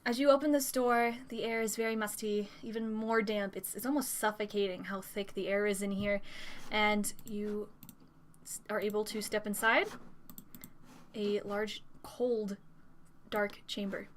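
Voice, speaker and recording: A woman's voice: medium pitch, little pitch movement, measured pace, a little hiss or hum. A woman narrating a tabletop game as dungeon master, describing scenes with frequent fillers.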